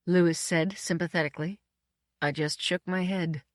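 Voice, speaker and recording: A woman narrating an audiobook in a measured, dryly witty way. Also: on the low side, fairly even intonation, no room sound, clean studio sound. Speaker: audiobook reader. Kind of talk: scripted storybook narration.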